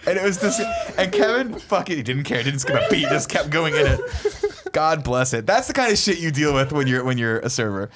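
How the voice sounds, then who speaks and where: A man hosting a podcast, telling stories in a casual, animated way and swearing freely. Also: a little high, brisk, very noisy. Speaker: podcast host. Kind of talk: casual chat.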